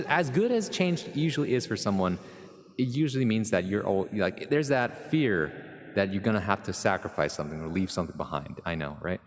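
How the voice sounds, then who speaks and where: Rambling American man streaming, low voice. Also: big-room sound. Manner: rambling, jokey, talks straight to viewers. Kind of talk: casual chat with live chat.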